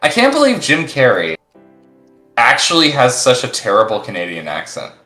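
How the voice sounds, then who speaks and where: Rambling, animated man in an echoey room. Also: mid-range voice, moderate pace. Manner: rambling, full of restarts and fillers, jokey. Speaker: stream co-host. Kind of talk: casual chat. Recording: echoey room with faint music.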